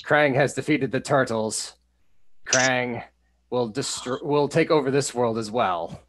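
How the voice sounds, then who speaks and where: A man's voice: mid-range voice, a little slow, a bit bright, natural voice. A man voicing a mechanical male robot droid that speaks of itself in the third person. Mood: droning.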